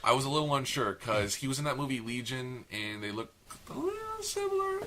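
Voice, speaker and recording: A man's voice: mid-range voice, wildly swooping pitch, brisk, pushed and bright, slight background noise. A young man co-hosting a casual podcast chat, talkative and a bit long-winded, self-deprecating. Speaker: podcast co-host.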